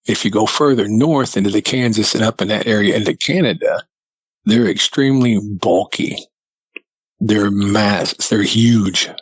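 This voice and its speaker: A man's voice: fairly low pitch, measured pace, slightly rough, dry recording. A middle-aged man, a guest, telling a story in a plain-spoken, folksy way and quoting lots of dialogue. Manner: lively retelling with lots of quoted dialogue. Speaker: guest recounting a sighting. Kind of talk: casual storytelling.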